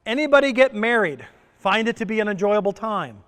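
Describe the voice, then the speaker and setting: A middle-aged male presenter gives a conference talk, peppering it with jokes and questions to the audience. His voice sits high and sounds smooth. Long reverb from the resort conference hall trails his words. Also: sing-song, fairly quick, a bit bright. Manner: joking, asks the audience questions. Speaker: presenter at a stress summit.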